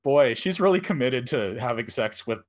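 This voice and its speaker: Lively giggly man recapping a film. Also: mid-range voice. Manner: laughs often, mimics characters in quick asides. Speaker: podcast co-host. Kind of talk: casual movie recap chat.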